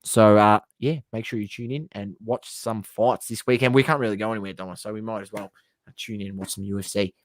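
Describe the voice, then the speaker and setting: A man's voice: on the low side, fairly even intonation, fast talker, no echo. A man co-hosting a casual sports podcast, recapping fight cards with energy and stumbling over hard names. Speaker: podcast co-host.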